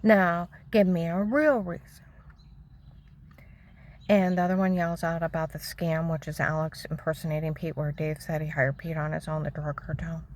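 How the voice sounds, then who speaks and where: A woman's voice: low-pitched, level tone, a little fast, few pauses, a little mellow, poor audio. A woman giving a rambling personal account, agitated and jumping between events, sometimes dropping into a whisper.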